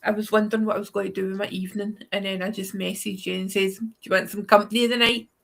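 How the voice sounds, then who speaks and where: A woman's voice: mid-range voice, little pitch movement, fast talker, vocal fry. A Scottish woman co-hosting a tarot livestream, chatting casually, laughing often and swearing now and then. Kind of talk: casual chat.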